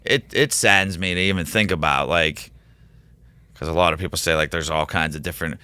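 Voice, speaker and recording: A man who teaches, telling a rambling, excitable story as a podcast guest. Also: low-pitched, fairly quick, clear, resonant tone, no echo. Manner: rambling, excitable, quotes himself in animated voices. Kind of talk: casual storytelling in a podcast interview.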